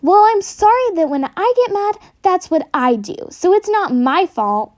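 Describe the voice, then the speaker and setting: A woman's voice: extremely high pitch, big pitch swings, measured pace, a little mellow, voice pushed up, exaggerated voice. A woman voicing a grumpy male storm cat who growls and gets defensive.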